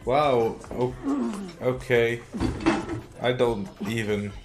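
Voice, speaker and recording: A man with a Dutch accent streaming games, ranting, swearing and shouting at his teammates. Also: mid-range voice, steady tone, drawn-out words, music in the background. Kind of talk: casual gaming commentary.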